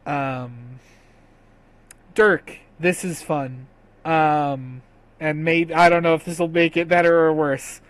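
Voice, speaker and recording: A man leads a tabletop game as game master, narrating in a slow, hushed way. His voice sits a little high, and he breaks into quicker chatty asides between story beats. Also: steady tone, low-quality recording.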